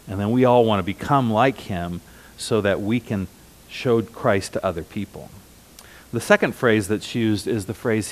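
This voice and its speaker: A middle-aged man preaching a sermon in a conversational teaching manner, slowing down to repeat key phrases with emphasis. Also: low-pitched, slight background noise. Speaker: pastor.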